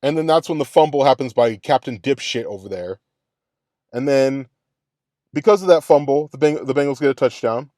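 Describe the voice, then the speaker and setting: A man's voice: medium pitch, a little fast, mellow, no room sound, studio quality. A man hosting a sports reaction show, ranting in a heated, profane way and repeating his complaints. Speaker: sports podcast host. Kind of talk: angry sports reaction rant.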